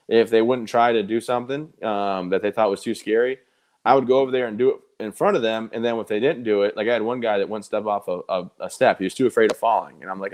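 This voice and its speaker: A man with a fairly low voice tells his stories to interviewers, animated and conversational. He acts out quoted dialogue as he goes. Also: quick pace. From United States. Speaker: guest. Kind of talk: storytelling in a live interview.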